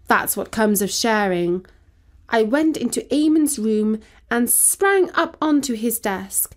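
Woman telling a bedtime story as the cat herself, slow and expressive, kinda high voice. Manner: expressive first-person reading in a cat's voice. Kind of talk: children's bedtime story reading.

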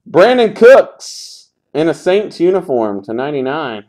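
A man's voice: fairly high pitch, very animated, a little slow, few pauses, darkish tone. A man hosting a live sports card break, calling out pulls in a sarcastic, grumbling, profane way.

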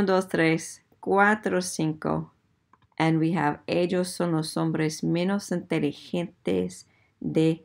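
A woman with a fairly low voice gives a Spanish lesson at an unhurried, careful pace. She models each example sentence deliberately and counts aloud to give learners time to answer. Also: creaky. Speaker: Spanish teacher. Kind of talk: language lesson.

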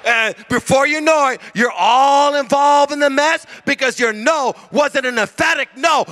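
A male senior pastor preaching a sermon in a church, emphatic and repetitive, often rising to a shout. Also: extremely high pitch, moderate pace, few pauses, a little hiss or hum. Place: church sanctuary.

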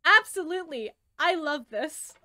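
A woman's voice: high-pitched, expressive, unhurried, pushed and bright, no echo. A young woman doing playthrough commentary, playful and jokey, swearing freely and putting on silly voices as she reads the game's lines aloud. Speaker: let's player.

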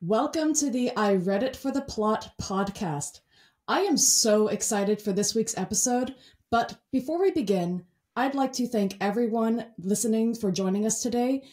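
A woman's voice: fairly high pitch, animated, normal speed, a little mellow. A young woman hosting a podcast in a casual, bubbly way, laughing often. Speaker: podcast host.

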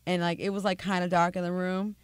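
A woman's voice: lowish voice, level tone, brisk, clean tone, no room sound. A woman co-hosting a podcast who asks blunt questions and giggles as she talks. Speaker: podcast co-host. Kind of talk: casual podcast chat. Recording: noisy background.

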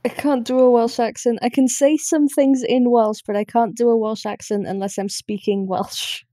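A young woman with a northern English accent co-hosts a podcast in a calm, easygoing way. Her voice is a little high but mellow in tone. The recording is dry and close. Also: moderate pace, dry recording. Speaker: podcast co-host. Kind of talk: casual chat.

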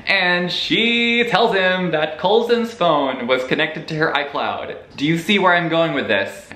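A man casually recapping a book's plot for his vlog, animated and swearing, popping into quick voices for the characters. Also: fairly high pitch. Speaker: book vlogger. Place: room at home. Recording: echoey room with faint ambience.

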